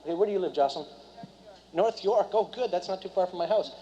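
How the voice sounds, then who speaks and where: Guy running a seminar, high voice, talks super fast, keeps asking the crowd stuff, muffled lo-fi recording. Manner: rapid and animated, keeps quizzing the audience. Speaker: seminar speaker and business trainer. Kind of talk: live motivational seminar talk. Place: meeting room before a live audience. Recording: dull lo-fi recording.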